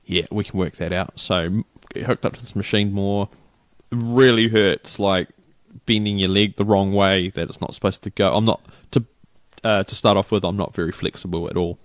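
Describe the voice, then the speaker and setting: Kiwi guy rambling thru a story, lowish voice, dry close mic. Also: fairly even intonation, normal speed, dry recording. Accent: New Zealand. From New Zealand. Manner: rambling storyteller, acts out quoted people. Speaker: podcast co-host. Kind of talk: casual chat.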